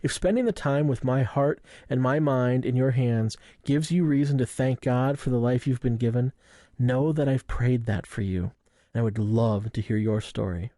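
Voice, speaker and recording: A man's voice: mid-range voice, moderate pace, mellow, no echo, studio quality. A young man narrating a first-person memoir in a wry, self-mocking, conversational way. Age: young adult. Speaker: audiobook narrator.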